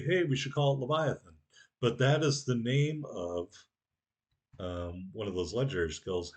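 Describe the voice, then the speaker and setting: Male game commentator at home, excitable, mock-angry at teammates, joking. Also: mid-range voice. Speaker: gameplay commentator. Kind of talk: game commentary over footage.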